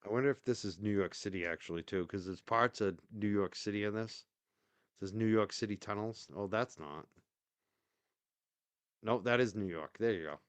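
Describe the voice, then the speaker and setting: A man's voice: lowish voice, normal speed, smooth, dry recording. A man hosting a live stream, giving rambling, opinionated commentary with frequent restarts and fillers. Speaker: show host.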